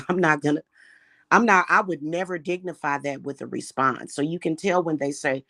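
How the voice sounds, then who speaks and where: A woman's voice: low voice, brisk, a bit bright, no room sound. Angry woman ranting, dry close sound. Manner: heated, profane, repetitive ranting. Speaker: spiritual reader and vlogger. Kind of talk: angry monologue vlog.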